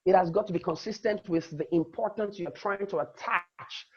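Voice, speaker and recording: A man gives a public speaking lesson in a husky voice. He stresses words to show his point, dropping soft and rising loud again. The recording sounds dull and lo-fi. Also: high voice, moderate pace. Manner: demonstrative, dramatically shifts emphasis and loudness. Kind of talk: lecture.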